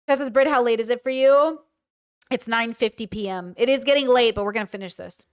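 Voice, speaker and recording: A young woman reacting live to a video for her stream chat, blunt and animated, swearing freely as she talks it through. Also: fairly high pitch, brisk, clear, resonant tone. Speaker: commentary streamer.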